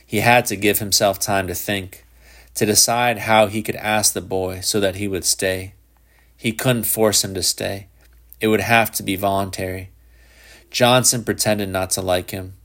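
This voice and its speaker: Male audiobook reader, lowish voice, measured literary narration. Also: level tone, fairly bright tone. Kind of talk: scripted narration of a short story.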